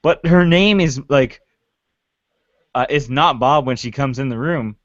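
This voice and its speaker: Man, relaxed, swears casually, new desk mic, dull lo-fi sound, dry, casual video chat. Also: medium pitch, measured pace, dry recording. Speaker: guest in an online hangout. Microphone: new desktop mic on a wobbly arm.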